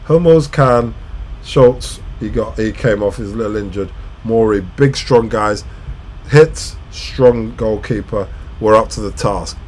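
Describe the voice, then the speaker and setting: A man reacting live to a football match, shouting at the action, then chatting casually through a recap of the game. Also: fairly low pitch, unhurried, a little hiss or hum. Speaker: live football watch-along commentator. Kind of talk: casual post-match analysis.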